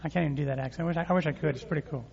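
Man, preacher, lively sermon, crowd call-and-response, slightly high voice, long hall echo. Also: very fast, vocal fry, breathy edge. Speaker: pastor. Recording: muffled hall reverb.

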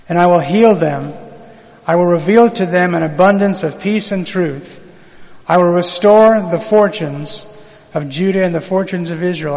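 A man's voice: sits high, a little mellow, big-room sound, poor audio. A man preaching a sermon, reading scripture aloud and drawing call-and-response from the congregation.

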